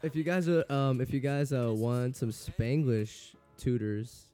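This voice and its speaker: A man's voice: mid-range voice, unhurried, dark tone, faint music behind. A man co-hosting a radio show in a studio, chatting casually and goofing around. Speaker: radio co-host.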